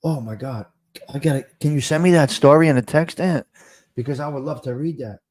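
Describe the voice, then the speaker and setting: A man's voice: on the high side, a little fast, darkish tone. A man with a New Jersey accent hosting a casual live stream, chatting and repeating phrases for emphasis.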